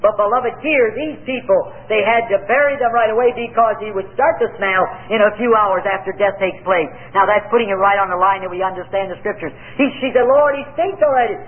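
A man's voice: high-pitched, steady tone, a little fast, few pauses. An American man preaching a sermon, earnest and emphatic, mixing scripture with personal stories. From United States. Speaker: pastor. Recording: tinny phone-like lo-fi audio.

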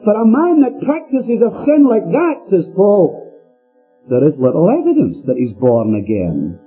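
A man's voice: sits high, big pitch swings, measured pace. A man preaching an earnest sermon to a congregation, with a swooping delivery. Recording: tinny phone-like radio recording with faint music.

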